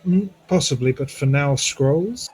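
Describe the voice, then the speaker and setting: A man's voice: on the high side, expressive, a little slow, darkish tone, slightly rough, pitched above the performer's own voice, rough recording. A man voicing a polite, fussy male adventurer who speaks primly and with some hesitation.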